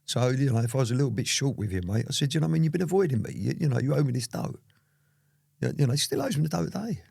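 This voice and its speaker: A man's voice: mid-range voice, expressive, very fast, creaky, a little mellow, breathy edge, no room sound, studio quality. A man, an interview guest telling his story in a rambling, casual way full of "you know".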